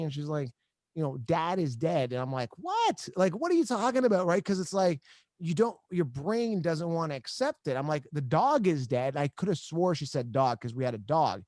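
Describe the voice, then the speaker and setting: Higher-voiced man, emotional and halting. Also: darkish tone, dry recording. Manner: halting, repeats words, emphatic. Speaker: podcast host. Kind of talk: emotional interview storytelling.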